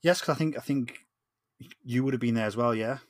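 A man hosting a casual chat, relaxed and easygoing. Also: mid-range voice, fairly quick, dry recording, clean studio sound. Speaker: podcast host. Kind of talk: casual conversation.

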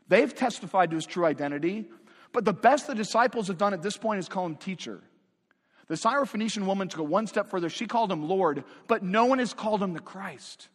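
A man's voice: high-pitched, fairly bright tone. A man preaching a sermon as pastor, talking in a conversational but emphatic way and asking the congregation rhetorical questions. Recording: long reverb of a large hall.

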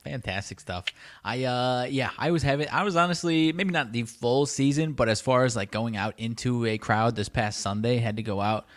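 A man's voice: mid-range voice, moderate pace, no room sound, clean studio sound. Laid-back male co-host, rambling casual talk. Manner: relaxed, rambling, self-correcting. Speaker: podcast co-host. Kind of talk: casual chat.

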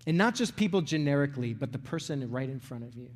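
A man's voice: mid-range voice, lively intonation, fast. A middle-aged man giving a conversational sermon as a pastor, often checking in with "right?" and "okay?" and restarting phrases. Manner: repeats words and restarts phrases. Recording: long reverb of a large hall.

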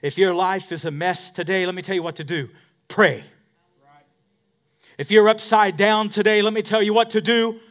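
A male pastor delivering a sermon, swinging from shouting to a hush and calling for responses from the congregation. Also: high voice, animated, moderate pace.

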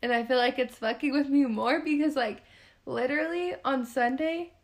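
Female podcast co-host, high-pitched, laughs a lot, salty casual talk. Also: moderate pace. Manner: laughs often, swears freely. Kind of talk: casual chat.

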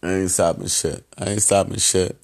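A man hosting a podcast, giving loose, rambling shout-outs in heavy slang and profanity. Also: deep voice, level tone, normal speed, vocal fry. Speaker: podcast host.

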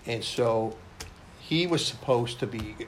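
An older veteran, mid-pitched, tells his service stories in a loose, rambling way, often restarting his sentences. He talks bluntly and plainly. A faint hiss sits under the recording. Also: slow pace. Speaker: military veteran interviewee. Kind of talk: oral history storytelling.

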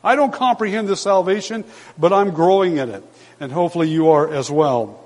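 An older man preaching a sermon as pastor, emphatic, slowing down to stress the scripture he quotes. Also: on the high side. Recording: long hall reverb.

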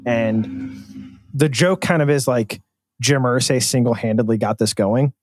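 A man's voice: mid-range voice, a little slow, no room sound. A man co-hosting a sports podcast, chatting casually with jokes and profane banter. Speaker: podcast co-host.

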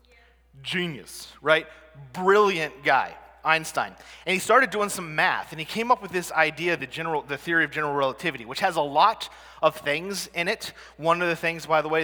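A man's voice: on the high side, bright, forceful tone. A man giving a conversational presentation to a live audience as a teacher, often asking the listeners questions. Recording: long reverb of a hall.

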